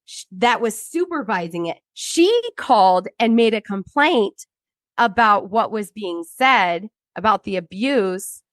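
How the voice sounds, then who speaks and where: A woman's voice: mid-range voice, animated, a little slow, fairly bright tone, no room sound. A woman in her thirties, a guest in an interview, telling a personal story bluntly and with frequent swearing, acting out what other people said.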